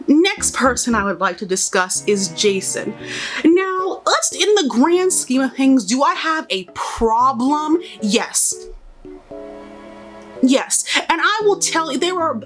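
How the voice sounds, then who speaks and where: A woman's voice: mid-range voice, a bit bright. A young woman chatting casually while doing her makeup, giving rambling, opinionated commentary with exasperated asides. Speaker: beauty and pop culture vlogger.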